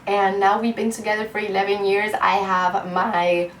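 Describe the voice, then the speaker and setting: A woman's voice: mid-range voice, little pitch movement, moderate pace, far from the mic. A young woman vlogger talking tearfully about her life, trying to hold back emotion, with many fillers. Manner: teary, fighting back emotion, rambling with fillers. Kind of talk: emotional personal vlog. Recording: echoey room, off-mic, faint hum.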